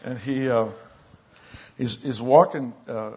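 A man preaching a sermon, telling stories with an animated delivery that gets loud for the lines he quotes. His voice is husky, and the recording is dull and lo-fi. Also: medium pitch, takes it slowly. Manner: animated storyteller, rising loud for quoted exclamations. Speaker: pastor. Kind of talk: sermon storytelling. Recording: dull lo-fi sound.

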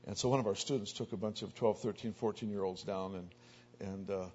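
A man preaching as a pastor, telling anecdotal stories in a sermon and growing louder and more excited as they build. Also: fairly low pitch, fairly quick, a little hiss or hum. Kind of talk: sermon storytelling. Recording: dull lo-fi recording.

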